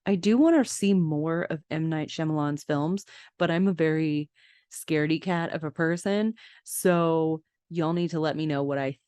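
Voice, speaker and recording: A woman's voice: sits low, moderate pace, warm tone, clean tone, no room sound, clean studio sound. A woman hosting a casual podcast, narrating film scenes in detail with chatty asides. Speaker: podcast host.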